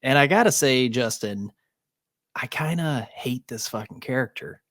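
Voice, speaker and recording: A man appearing as a guest on a film review podcast, giving measured, considered opinions in a casual chat. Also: mid-range voice, animated, fairly bright tone, no echo, clean studio sound.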